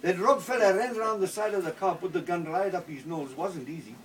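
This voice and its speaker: A man's voice: sits high, quick pace, background noise. A man telling a comic story full of quoted dialogue, then singing a funny song. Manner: rambling anecdotal storyteller, asides and quoted dialogue. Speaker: comedian and singer. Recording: distant mic with loud guitar.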